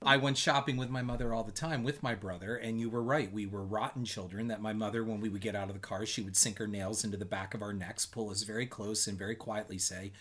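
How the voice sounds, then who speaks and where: A man in his fifties chatting with his spouse, a dry, teasing, unhurried storyteller. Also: fairly low pitch, fairly even intonation, a bit bright.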